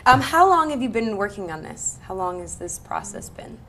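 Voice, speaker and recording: A woman's voice: mid-range voice, big pitch swings, moderate pace, pushed and bright, slight background noise. A woman hosting a live cast and crew Q&A, asking hesitant questions with many fillers. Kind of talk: live panel interview.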